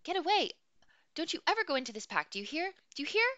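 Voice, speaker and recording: A woman voicing a gruff, solitary woman living in the wilderness, blunt and fierce when crossed, in a read-aloud novel. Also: low-pitched, fast talker, sharp tone, no echo, dull audio, heavily acted. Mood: furious.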